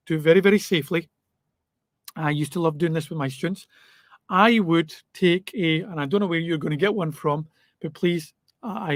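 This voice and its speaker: Chatty man teaching physics, bright voice. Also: on the high side, no room sound, clean studio sound. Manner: chatty, jokey, asides to students. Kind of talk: live online exam lesson.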